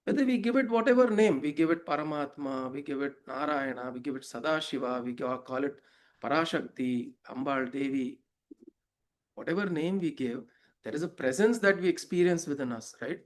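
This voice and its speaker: A man's voice: on the high side, normal speed. A man explaining a scripture verse as a spiritual teacher, reflective, asking rhetorical questions and telling parables.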